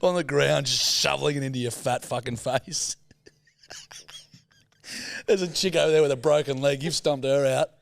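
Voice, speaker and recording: A man's voice: medium pitch, normal speed, vocal fry, pauses often. A man co-hosting a podcast, bantering in casual chat with crude swearing. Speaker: podcast co-host.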